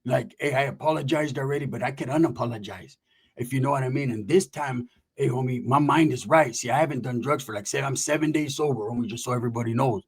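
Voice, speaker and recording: A man voicing a shady middle-aged male ex-con who mutters in a low, quiet, slangy way. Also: fast talker, breathy edge. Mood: low menacing.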